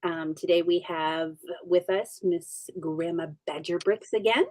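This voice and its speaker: A woman with a slightly low voice hosts a casual livestream chat. She talks in an upbeat, chatty way, with plenty of ums between thoughts. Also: unhurried, darkish tone. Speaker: livestream host.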